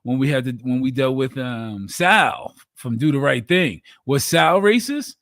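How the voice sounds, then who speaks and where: A man's voice: mid-range voice, animated, measured pace, fairly bright tone, no echo, clean studio sound. A man in a casual podcast chat, talking thoughtfully, restarting sentences as he raises questions.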